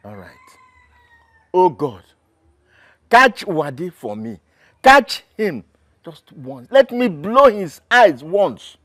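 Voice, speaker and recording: A man's voice: high-pitched, very animated, measured pace, breathy edge, dry recording, clean studio sound, exaggerated voice. An actor with a Nigerian accent playing a father who soothes his pregnant daughter and then confronts the man responsible. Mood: indignant. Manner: pleading, tender then angry on phone. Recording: film soundtrack with loud music.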